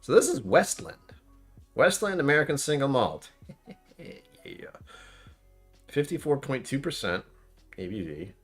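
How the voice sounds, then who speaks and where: A man's voice: medium pitch, big pitch swings, unhurried, long pauses, husky, soft background music. A man casually chatting on a live stream while reviewing a whiskey, rambling and reacting to his chat.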